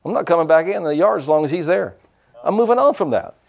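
A middle-aged pastor preaches a sermon in a folksy, blunt manner, voicing people's excuses in quick asides. His voice is a little high, expressive and darkish, with vocal fry.

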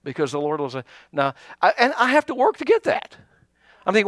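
A man pastor preaching a sermon, animated, calling out to his congregation and acting out little asides. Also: fairly high pitch, a little fast, dry recording, studio quality.

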